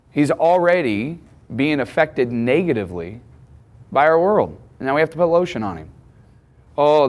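Conversational man preaching a sermon. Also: mid-range voice. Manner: conversational, emphatic preaching with acted quotes. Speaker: pastor.

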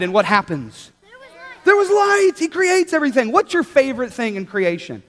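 A lively, high-voiced man leads a children's sermon in a large church hall full of kids, speaking a little fast. As the children's church leader, he is upbeat and animated, coaxing them to join in, and the hall reverb is audible.

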